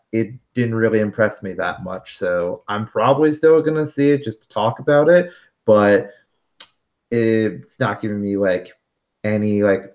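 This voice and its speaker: A man with a fairly low voice co-hosts a casual podcast chat. He speaks in a measured way and sounds unimpressed. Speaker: podcast co-host.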